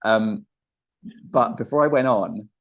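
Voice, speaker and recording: Chatty comedian telling a story. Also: male voice, on the low side, slow, muffled recording. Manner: animated storyteller, laughs often, acts out quotes. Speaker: comedian guest. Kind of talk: casual interview chat.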